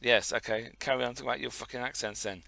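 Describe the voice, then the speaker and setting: A man's voice: mid-range voice, fairly even intonation, quick pace, vocal fry, crowd noise. A man co-hosting a podcast in blunt, sweary, teasing casual banter. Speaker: podcast co-host.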